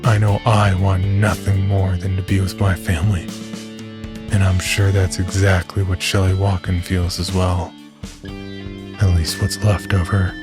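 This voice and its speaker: Low, even-toned male narrator for a creepy first-person tale; grim and measured, over a music bed.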